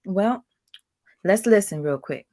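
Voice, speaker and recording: A woman hosting an online panel discussion, asking probing questions in halting, repeated starts. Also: mid-range voice, animated, warm tone. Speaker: panel host.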